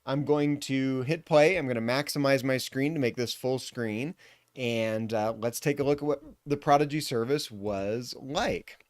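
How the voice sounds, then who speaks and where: A man in his forties streaming casually from his computer, rambling with fillers and frequent throat clearing, slightly hiccupy. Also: mid-range voice, unhurried, dry recording, clean studio sound. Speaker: live streamer. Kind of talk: casual live stream commentary.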